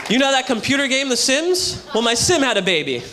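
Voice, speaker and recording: A young man doing a brash stand-up comedy set with loud crowd work at a hotel show. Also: very high voice, big pitch swings, fairly quick, slight background noise. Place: hotel comedy show before a live audience. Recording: live room with audience.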